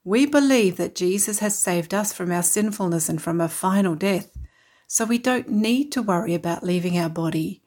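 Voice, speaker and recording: A woman voicing a tired but caring mother in a storybook reading, speaking gently and reassuringly. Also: fairly low pitch, moderate pace, close to an everyday voice.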